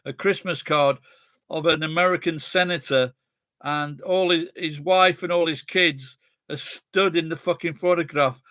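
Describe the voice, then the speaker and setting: A man's voice: a little high, steady tone, a little slow, pushed and bright, dry recording, studio quality. A middle-aged man with a Sheffield accent, rambling in casual chat with friends and swearing bluntly. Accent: Sheffield English. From Sheffield, England.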